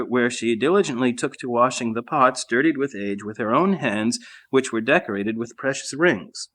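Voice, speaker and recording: A man reading a saint's life aloud in a monastery refectory at mealtime, measured and even, with small slips. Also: mid-range voice. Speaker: reader. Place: monastery refectory during a meal.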